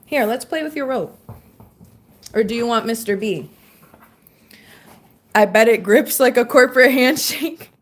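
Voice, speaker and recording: Chatting from home on a live stream, a woman reads and answers her viewers' messages and scolds her dog in between. Her voice is a little high and animated, her pace a little slow with frequent pauses.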